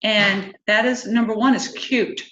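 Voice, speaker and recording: A woman in her fifties talks casually to her online group as host, chatty and forthright about her opinions. Her voice sits at a middle pitch and comes through a call mic. The sound is roomy and a little dull. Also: a little slow. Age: 50s. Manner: chatty, animated when quoting and opinionated.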